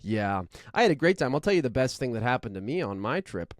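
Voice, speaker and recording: Podcast co-host, male; deadpan sarcastic jokester who tells animated stories, very dry mic. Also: medium pitch, fast talker, no echo. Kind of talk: casual sports podcast banter. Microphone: own microphone, remote recording.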